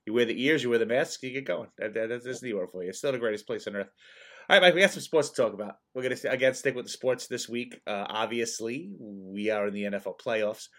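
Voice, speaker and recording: A man hosting a casual sports chat from his bedroom at home, keeping his voice quiet and subdued. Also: medium pitch, quick pace. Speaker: podcast host.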